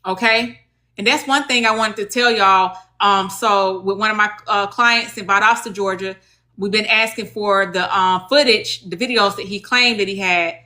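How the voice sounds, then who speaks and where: A woman's voice: medium pitch, fairly even intonation, normal speed, bright, forceful tone. A woman with a Southern US accent hosting a casual livestream about legal advocacy, chatty and folksy, talking straight to her viewers.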